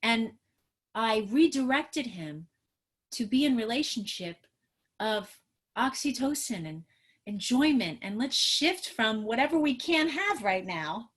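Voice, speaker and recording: A woman presenting a parenting webinar as a trauma specialist, emotional and animated, acting out what parents say to children. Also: a little high, slow, slightly rough. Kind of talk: expressive webinar teaching.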